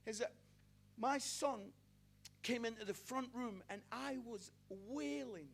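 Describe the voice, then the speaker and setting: A middle-aged preacher with a strikingly high voice delivers a sermon through personal stories. He speaks with passion and pushes his voice toward shouting at the peaks. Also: slow pace, creaky. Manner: passionate storytelling, rising to near-shouts.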